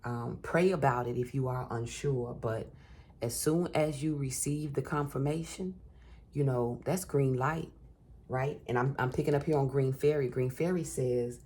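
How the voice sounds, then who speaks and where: Very deep husky woman reading tarot. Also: moderate pace, warm tone. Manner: encouraging, repeats phrases for emphasis, calls listener baby and honey. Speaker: tarot reader.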